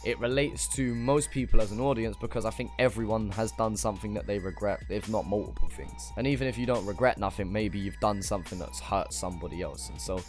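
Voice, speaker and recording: A man's voice: fairly low pitch, a little fast, hardly any pauses, soft background music. Man reacting to a rap track. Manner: loose slangy street talk. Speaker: music reaction host. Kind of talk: casual reaction commentary.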